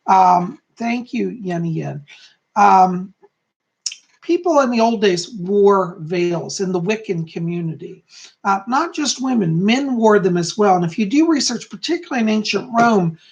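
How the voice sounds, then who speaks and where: A man chats casually with his viewers on a live stream, upbeat and talkative. His voice carries a gravelly, creaky edge. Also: high voice, expressive, measured pace, lo-fi sound. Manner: chatty and upbeat, greeting viewers by name. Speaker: psychic hosting a live stream.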